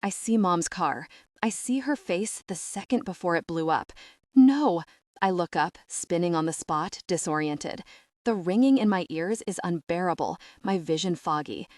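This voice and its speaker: Woman, audiobook narrator, lowish voice, tense urgent reading, dry close sound. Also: normal speed, no echo. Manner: tense, urgent reading that rises at shouted lines. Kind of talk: first-person audiobook narration.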